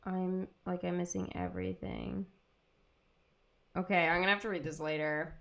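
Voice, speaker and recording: Young woman, livestream host, casual chat, giggly, rambling, bright crisp voice. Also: fairly low pitch, steady tone, moderate pace. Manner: giggly, chatty, rambling, laughs often. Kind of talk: casual chat with live chat viewers.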